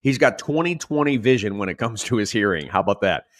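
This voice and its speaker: Animated man preaching a sermon. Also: fairly low pitch, fast. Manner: animated preaching, acts out shouted quotes. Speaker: pastor.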